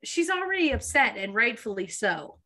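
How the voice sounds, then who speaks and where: Lady podcast cohost, kinda high voice, laughs a lot and does little voices for the quotes. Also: normal speed. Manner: animated, giggly, acts out quotes. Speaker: podcast co-host. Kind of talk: casual chat recapping a TV episode. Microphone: podcast microphone.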